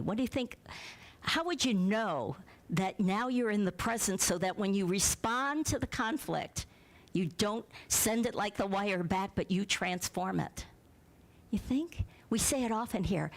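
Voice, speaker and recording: A middle-aged woman minister giving a conversational sermon, asking her congregation questions and sometimes dropping to a soft near-whisper. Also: medium pitch.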